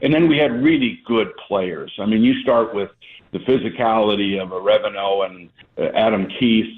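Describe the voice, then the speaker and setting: A man's voice: on the low side, normal speed. An older man, a retired basketball coach, telling folksy stories as a guest on a radio sports show, with an easy chuckle. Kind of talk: radio interview storytelling. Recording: phone-line call-in audio.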